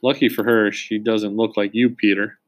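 A man's voice: fairly low pitch, flat delivery, moderate pace, dry recording, close to an everyday voice. A man voicing a bossy, know-it-all young girl with a snippy, superior manner. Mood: smug.

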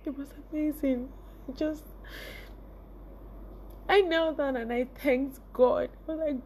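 Emotional young Nigerian woman, high voice. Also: takes it slowly, long pauses. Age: young adult. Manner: laughs often, voice rising and breaking with emotion. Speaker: vlogger. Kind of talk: emotional personal storytelling.

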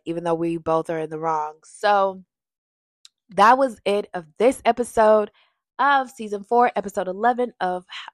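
A woman giving a casual, chatty review of a reality TV episode, getting loud and animated when she is worked up. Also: fairly low pitch, dry recording.

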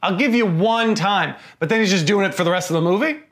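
A man's voice: high voice, fast, a bit bright. A man co-hosting a podcast, complaining about a film in casual chat, often stammering and restarting. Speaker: podcast co-host.

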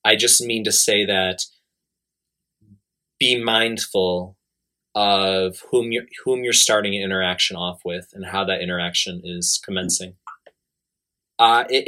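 A man's voice: lowish voice, pushed and bright. A man giving blunt, emphatic dating advice in casual talk, repeating key points. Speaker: dating coach.

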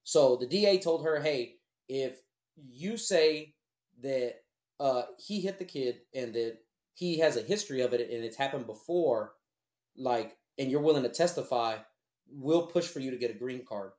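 In an echoey room, a Houston man spins a long, rambling personal story full of profanity and bluntness. His slightly mellow, medium-pitched voice has lively intonation and a moderate pace.

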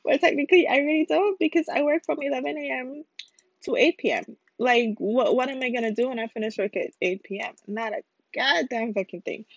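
A woman's voice: sits high, fairly quick, no echo. A woman from the hosting a podcast in casual solo chat, joking and rambling with apologetic asides. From Caribbean. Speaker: podcast host. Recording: dull lo-fi home recording, dry.

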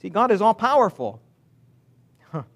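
Male pastor, fairly high voice, sermon delivery, reads verses slowly, punches key words then drops to a near hush. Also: sing-song. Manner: emphatic, with sudden swings between loud and hushed delivery; reads scripture slowly and deliberately.

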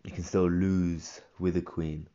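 A man's voice: low voice, level tone, measured pace, warm tone, dull audio. A young man hosting a solo podcast, rambling casually with many fillers and restarts. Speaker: podcast host.

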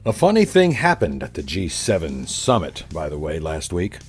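A man's voice: rumbling low, wildly swooping pitch, moderate pace, slightly rough, faint music behind. A man delivering a sarcastic, ranting monologue, telling a story as a commentator.

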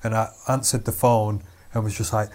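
A man's voice: fairly low pitch, level tone, normal speed, a little mellow. A young man, co-hosting a casual chat and telling stories with plenty of fillers. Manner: storytelling, laughing, with lots of fillers. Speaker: podcast co-host.

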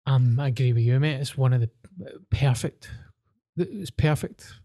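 A young Scottish man co-hosting a podcast, chatting eagerly about films. His tone is dark and mellow, and he keeps slipping friendly "mate"s into his casual talk. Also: medium pitch, moderate pace. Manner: enthusiastic, says "mate" constantly. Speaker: podcast co-host. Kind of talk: casual chat.

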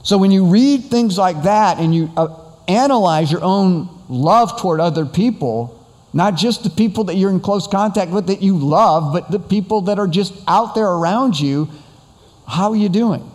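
A man's voice: sits high, expressive, moderate pace, a little mellow, big-room sound. A man preaching a sermon as pastor, earnest and conversational, often repeating and stressing words.

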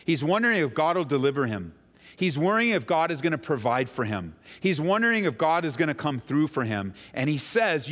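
A man preaching a sermon as pastor, earnest, his voice rising high and strong to stress points and falling soft and slow in tender moments. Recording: long hall reverb.

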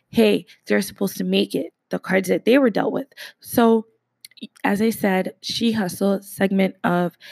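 A woman hosts her podcast alone, rambling warmly through shout-outs with a slight lisp. Her voice carries a bit of vocal fry. The sound is dry and close, with no room around it. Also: medium pitch, dry recording. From Canada. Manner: enthusiastic, rambling, many fillers and shout-outs. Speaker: podcast host. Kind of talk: casual solo podcast segment.

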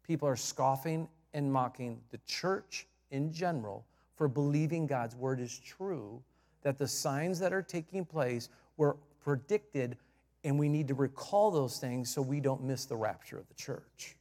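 A man preaching a sermon as pastor, swinging from low asides to loud emphatic climaxes, repeating key phrases and chuckling at his own jokes. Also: a little slow. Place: church sanctuary. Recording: long reverb of a large church.

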